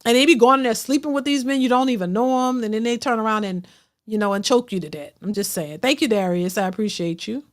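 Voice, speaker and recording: A woman's voice: fairly high pitch, fast talker. Outspoken woman chatting on a livestream. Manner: outspoken, repeats herself, frequent restarts. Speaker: host of a reaction livestream. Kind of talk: casual livestream chat reading super chats.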